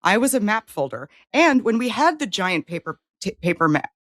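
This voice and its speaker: A woman's voice: mid-range voice, sing-song, normal speed, fairly bright tone, no room sound, clean studio sound. A woman co-hosting a TV rewatch podcast, chatting casually in an emphatic, self-mocking way. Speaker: podcast co-host. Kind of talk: casual chat.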